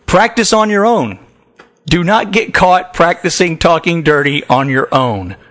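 A man's voice: a little high, animated, a little slow, fairly bright tone. A man with a trained radio voice hosting a casual, frank advice talk, joking and laughing often. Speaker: podcast host.

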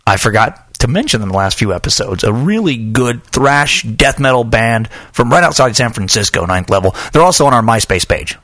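A man's voice: medium pitch, a bit bright, no room sound. Joking man hosting a podcast. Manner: joking, rambling storyteller. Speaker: podcast host. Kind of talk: casual chat. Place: small home studio.

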